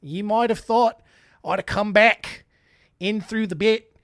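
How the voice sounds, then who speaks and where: A man's voice: sits high, measured pace, a bit bright, no room sound, clean studio sound. Man hosting in a put-on Australian accent. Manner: rambling, self-mocking, many fillers. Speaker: podcast host. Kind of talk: casual monologue.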